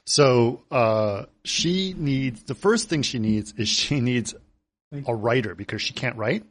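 A man co-hosting a casual film-review podcast, recapping plot points in a relaxed, conversational way. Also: medium pitch, slow.

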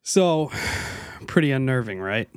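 A man's voice: medium pitch, animated, slow, clear, resonant tone, no room sound, faint music behind. A man co-hosting a podcast, talking through a recording in a casual, analytical way, with restarts. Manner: analytical, pointing out details, with restarts. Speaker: podcast co-host. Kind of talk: casual chat.

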